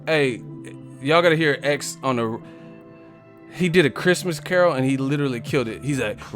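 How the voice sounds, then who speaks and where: A man's voice: medium pitch, moderate pace, faint music behind. A man hosting a casual live stream, telling profane stories and laughing often.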